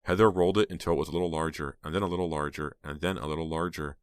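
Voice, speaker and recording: A man narrating an audiobook in a steady, measured reading style. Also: very deep voice, clean tone, dry recording. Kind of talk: scripted narration.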